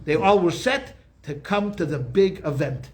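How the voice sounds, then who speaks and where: An older man teaching an informal Torah class as a rabbi, telling stories in an animated way, acting out quotes and often repeating his words. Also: fairly high pitch, unhurried. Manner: animated storytelling, acts out quotes, frequent repetitions.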